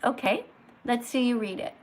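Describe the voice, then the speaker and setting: Emphatic woman lecturing like a teacher. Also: on the high side. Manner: slow, emphatic teacher-like delivery. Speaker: livestream host. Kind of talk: lecturing livestream.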